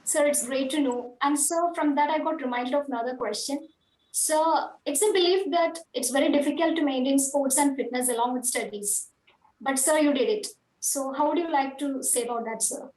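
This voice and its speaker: Woman from india hosting a law channel interview, high voice, formal and polite, roomy echo. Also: normal speed, a little mellow. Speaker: host. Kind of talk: scripted introduction and interview questions. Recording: echoey room.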